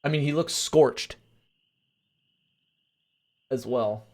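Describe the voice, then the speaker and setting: A man reading a gamebook aloud on a live stream, mixing steady narration with casual, crude asides. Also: mid-range voice, extremely slow. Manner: casual and crude, reads narration then chats.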